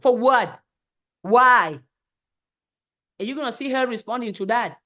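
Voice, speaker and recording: A woman's voice: a little high, lively intonation, measured pace, pauses often, pushed and bright. A woman hosting a motivational live stream, speaking emphatically and repeating phrases for effect. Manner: acts out voices in quotes.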